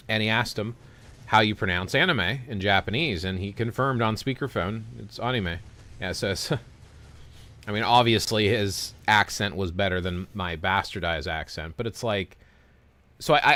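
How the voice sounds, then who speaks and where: A young man hosting a game stream, talking loosely with his chat. His voice sits a little low, and he rambles, restarts and loops back mid-thought. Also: a bit bright. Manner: rambling, self-interrupting storyteller. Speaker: gaming livestream host. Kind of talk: casual chat with viewers.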